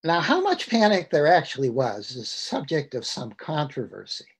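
A man's voice: a little high, huge pitch swings, moderate pace, slightly rough. A man in his sixties giving a lecture over a video call, reading passages aloud from a book with wry asides to his listeners.

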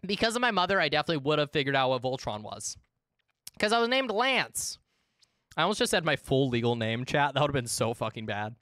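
A woman in her twenties, chatting casually and excitably with viewers while streaming a game, swearing freely. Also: a bass voice, quick pace, dry recording, clean studio sound. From United States. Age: 20s. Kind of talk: casual live-stream chat.

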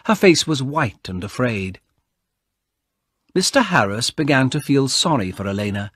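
A man narrating a short story aloud, slowly and clearly, for English learners. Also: medium pitch, no room sound, studio quality. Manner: clear, expressive read-aloud.

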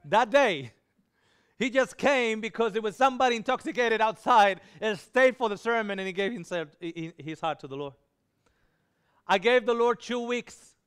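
Man preaching a story, high smooth voice, lively, does the voices of people he quotes. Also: normal speed. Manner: animated, acts out quoted voices. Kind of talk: storytelling sermon.

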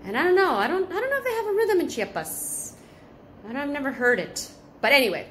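A Southern California woman chats casually while cooking at home for her vlog, cursing freely and switching between Spanish and English. Her high voice is sing-song, brisk and a bit bright, with slight background noise.

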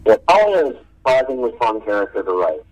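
A man co-hosting a podcast and talking casually and quickly about the script he is writing. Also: medium pitch, sing-song, a little mellow, recorded from a distance, lo-fi sound. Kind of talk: casual chat.

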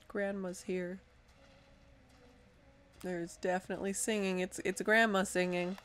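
A woman casually commenting on her own gameplay, chatty and self-deprecating, thinking out loud as she plays. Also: medium pitch, little pitch movement, measured pace, slight background noise. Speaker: let's play host.

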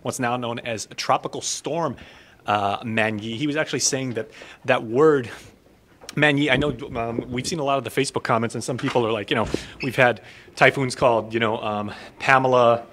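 A man's voice: mid-range voice, normal speed, fairly bright tone, slight background noise. A man hosting a live local news segment, chatty and joking, with many fillers. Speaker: news host. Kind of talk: casual live news chat.

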